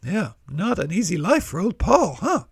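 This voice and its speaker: A man's voice: sits high, big pitch swings, moderate pace, gravelly, husky, dry recording, studio quality, pitched above the performer's own voice, exaggerated voice. A man voicing an eager male puppet sidekick in a children's Bible lesson, with cheery, chirpy replies.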